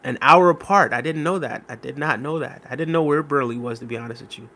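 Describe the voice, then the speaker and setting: A man's voice: mid-range voice, fast talker, gravelly, pushed and bright. A man hosting a casual live stream, reading viewer comments aloud and thanking them by name. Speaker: livestream host reading chat.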